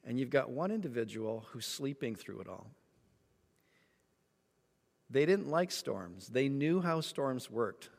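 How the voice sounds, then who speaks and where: A man preaching a sermon, telling a story with lively acted-out moments. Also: medium pitch, takes it slowly, vocal fry, pauses often, in a large hall. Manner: animated storytelling, acts out voices. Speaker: pastor.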